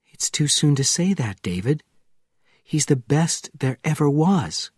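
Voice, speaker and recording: A man voicing a calm, steady wife and mother who reassures her husband in an audiobook. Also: fairly high pitch, unhurried, husky, no echo, clean studio sound, voice pushed up, exaggerated voice. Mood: reassuring.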